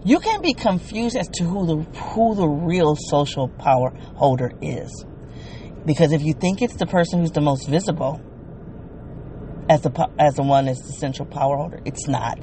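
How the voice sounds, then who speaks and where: A woman's voice: sits low, animated, moderate pace, dark tone, a little hiss or hum. A middle-aged woman and former teacher talking alone on her podcast, thinking aloud, laughing often and amused with herself. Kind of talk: casual solo monologue.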